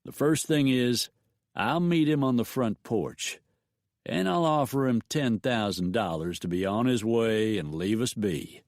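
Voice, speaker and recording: A man's voice: mid-range voice, measured pace, dry recording, studio quality, natural voice. A man voicing a scheming male boss who gives curt orders. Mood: commanding.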